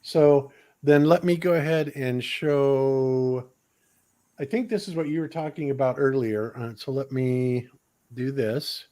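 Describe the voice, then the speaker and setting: A man's voice: medium pitch, measured pace, dark tone. A man hosting a casual panel discussion, thinking aloud as he pulls up material to show. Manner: loose, thinking aloud while sharing his screen. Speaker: host.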